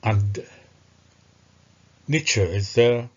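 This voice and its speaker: Husky man giving scornful philosophy commentary. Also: lowish voice, drawn-out words. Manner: discursive and scornful, thinking aloud with hesitations. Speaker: philosophy video narrator. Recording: muffled lo-fi recording.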